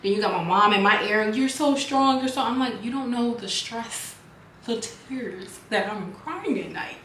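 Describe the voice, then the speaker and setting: A woman's voice: mid-range voice, measured pace, slight background noise. A woman, chatting casually with her viewers while doing her makeup. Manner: chatty, animated, talks to viewers like friends. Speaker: beauty vlogger and business owner. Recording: echoey room, faint music.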